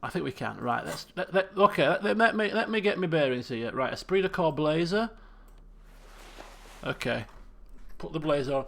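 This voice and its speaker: A man commenting as he plays a game, animated, laughing and muttering to himself as he thinks. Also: on the high side, a little fast, vocal fry. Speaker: let's play host. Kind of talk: gameplay commentary.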